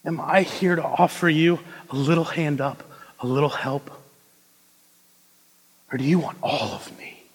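A young man preaching a sermon, moving between hushed intensity and loud, emphatic delivery. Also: a little high, a little slow, pauses often, breathy edge. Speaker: pastor. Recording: long reverb of a large hall.

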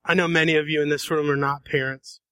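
A man preaching a sermon, dramatic, acting out voices and shifting between soft and loud passages. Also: fairly high pitch, flat delivery, fast talker, dry recording. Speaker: pastor.

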